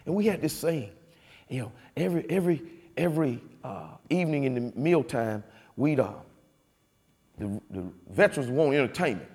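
A man, a former football player giving a folksy, animated testimony with a preaching cadence. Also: mid-range voice, normal speed, slightly rough. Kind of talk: storytelling speech. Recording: long reverb of a hall.

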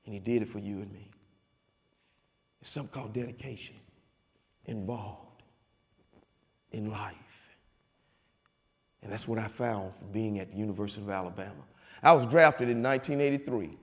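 A man, a former football player giving a folksy, animated testimony with a preaching cadence. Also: fairly low pitch, normal speed, pauses often, husky. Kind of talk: storytelling speech. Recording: long reverb of a hall.

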